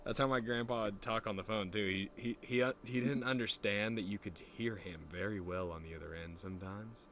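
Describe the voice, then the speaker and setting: A man's voice: lowish voice, brisk, hardly any pauses, a bit bright, slight background noise. A man in his twenties telling stories in casual, profane stream chat. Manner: loose, profane storytelling, often does quoted voices.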